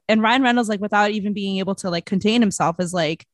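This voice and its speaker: A woman's voice: mid-range voice, fast, few pauses, no room sound, studio quality. A young woman co-hosting a podcast, chatting casually about a movie, bubbly and giggly with lots of fillers. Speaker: podcast co-host. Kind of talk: casual movie review chat.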